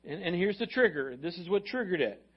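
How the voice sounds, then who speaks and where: Energetic man preaching, high voice, slightly muffled recording. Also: a little fast, slightly rough. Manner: energetic, repetitive, acts out quotes. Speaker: pastor. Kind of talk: sermon.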